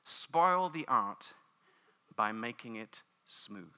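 A British man preaching a sermon, telling stories with lively asides and playful mimicry. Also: medium pitch, slow pace, smooth, in a large hall. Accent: British English. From United Kingdom. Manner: animated storytelling, mimics cheering crowds.

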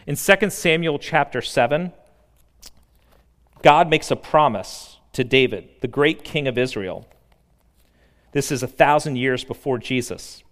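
A man preaches in a church sanctuary with an earnest delivery. His voice sits at an ordinary middle pitch. It rings out with the long reverb of a large hall. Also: unhurried, pauses often. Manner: earnest preaching with emphatic swells and hushed passages. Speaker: pastor. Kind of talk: sermon.

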